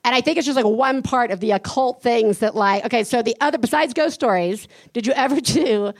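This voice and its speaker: A woman with a slightly high voice tells a story on a live podcast stage. She talks animatedly, acts out screams and sing-song chants, and laughs along as she goes. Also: brisk. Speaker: podcast co-host. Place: live stage before an audience.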